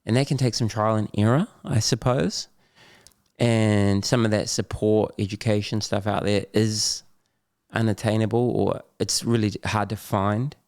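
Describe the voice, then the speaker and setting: A man's voice: on the low side, steady tone, measured pace, a little mellow, dry recording, clean studio sound. A middle-aged man with a New Zealand accent, talking candidly and loosely as a podcast guest, with slang and laughs. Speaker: podcast guest, Muay Thai champion. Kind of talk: candid casual conversation.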